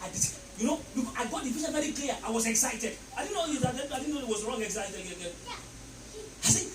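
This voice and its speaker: High-pitched woman preaching in an echoey hall. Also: expressive, brisk. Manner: shouted declarations and decrees, storytelling with laughter. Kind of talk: sermon. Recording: echoey hall recorded from a distance with background noise.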